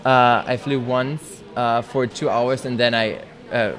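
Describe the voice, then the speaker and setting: A man's voice: medium pitch, fairly even intonation, a little slow, a bit bright. A young man from East Germany, a guest answering casual interview questions hesitantly. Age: young adult. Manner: hesitant, many fillers.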